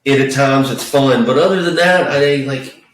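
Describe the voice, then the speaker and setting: A podcast co-host talks casually about a movie, rambling, swearing and restarting his sentences often. His voice is medium-pitched at a normal speed, and the recording sounds echoey, with a distant mic.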